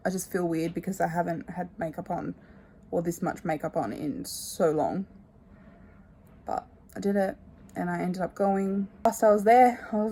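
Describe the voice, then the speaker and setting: A young woman in her twenties chatting to her phone camera, rambling and candid, often trailing off quietly. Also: medium pitch, vocal fry. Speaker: vlogger. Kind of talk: casual chat to camera. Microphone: phone held at arm's length.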